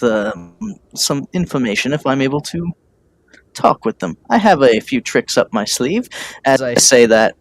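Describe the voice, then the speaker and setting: A man playing a tabletop game, chatting casually, swearing and laughing easily. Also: mid-range voice. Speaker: player. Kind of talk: casual chat and tabletop play.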